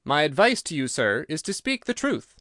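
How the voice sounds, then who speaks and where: Cool, incisive detective, crisp and assured, a touch raised in pitch , voiced by a male reader; dry close sound. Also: sing-song, normal speed, fairly bright tone, no room sound. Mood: curt. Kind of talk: audiobook character reading.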